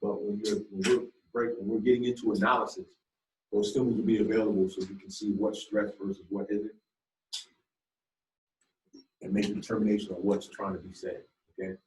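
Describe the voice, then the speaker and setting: A man's voice: on the low side, level tone, quick pace, darkish tone. A man teaching a class in conversational style, often turning questions to his students. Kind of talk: classroom lecture. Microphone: camera across the room. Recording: distant, echoey classroom sound.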